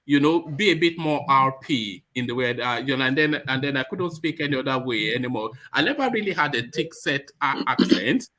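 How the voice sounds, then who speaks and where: A man hosting a live call-in stream, chatty and animated, often stammering and restarting. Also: mid-range voice, a little fast, few pauses. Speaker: host of a live political talk stream. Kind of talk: casual call-in chat.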